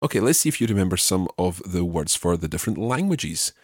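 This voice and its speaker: A man hosting a podcast language lesson, patiently giving English phrases and repeating the answers slowly and clearly. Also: sits low, big pitch swings, dry recording, clean studio sound. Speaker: language teacher host.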